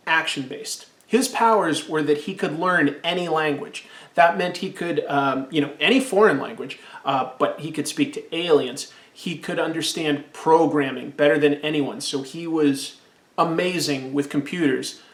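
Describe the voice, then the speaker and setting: An enthusiastic man rambles through a casual comic book review while sipping absinthe. His voice sits somewhat high for a man. The room around him is roomy and echoey. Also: moderate pace, fairly bright tone.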